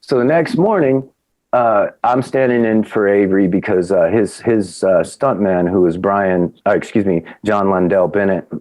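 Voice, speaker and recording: A man speaking as a podcast guest, telling an animated anecdote about his old TV crew days and acting out the people in it. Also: lowish voice, normal speed, dry recording. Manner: lively storyteller, acts out quoted people.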